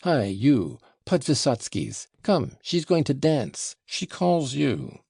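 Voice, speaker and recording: A man's voice: medium pitch, big pitch swings, takes it slowly, vocal fry, dark tone, slightly rough, no echo, studio quality, pitched above the performer's own voice, exaggerated voice. A man reading an audiobook and voicing a reckless young man, drunk and passionate, who blusters and then mutters. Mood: drunken, boisterous.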